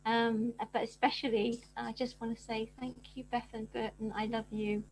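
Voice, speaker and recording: A woman's voice: a little high, flat delivery, moderate pace, a little hiss or hum, low-quality recording. An older woman on a video call, emotional and gushing with thanks, laughing between words. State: emotional, near tears.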